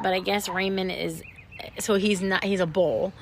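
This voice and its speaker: A woman's voice: medium pitch, moderate pace, background noise. A woman co-hosting a casual chat podcast, telling rambling stories and laughing often. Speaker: podcast co-host.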